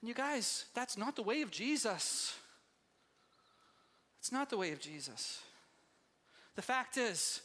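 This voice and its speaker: High bright voice, guy preaching in a church with long reverb, gets intense then drops real quiet, keeps saying you guys. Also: very animated, slow pace, long pauses. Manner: intense, swings between loud bursts and hushed asides; conversational, addresses congregation as "you guys". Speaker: pastor. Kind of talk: sermon. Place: church sanctuary.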